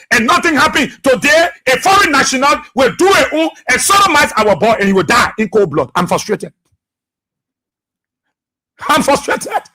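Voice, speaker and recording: A man with a Liberian accent hosting political talk radio, impassioned and repetitive, with a husky voice. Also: very high voice, bright, forceful tone. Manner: repetitive, impassioned, laughing jabs at opponents. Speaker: radio station boss and talk show host.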